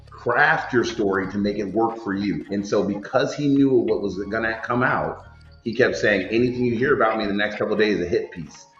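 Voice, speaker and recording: Low-voiced man on roomy, dull audio. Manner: composed, lays out points in order. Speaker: co-host and communications officer. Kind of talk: casual talk-show commentary.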